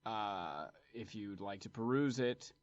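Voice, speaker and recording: A man's voice: fairly low pitch, expressive, slow pace, dry recording, highs cut off, pitched below the performer's own voice. A man playing a pompous, smug nobleman. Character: wealthy young nobleman, pompous and self-assured.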